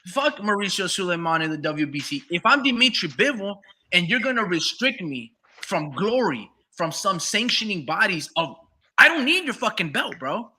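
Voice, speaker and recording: A man with a high, piercing voice argues boxing politics on a podcast. He talks heatedly and swears often, speaking as if he were the fighter himself. His tone is bright and cutting throughout. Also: big pitch swings, normal speed. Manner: heated, profane, speaks in first person as a fighter. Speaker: podcast co-host. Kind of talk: casual boxing talk.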